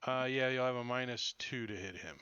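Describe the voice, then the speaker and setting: Male game master, lively and chuckling, bright crisp tone, dull online sound. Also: medium pitch, brisk, no room sound. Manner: lively narration, chuckling often. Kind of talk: narrating a tabletop game. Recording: slightly muffled online audio.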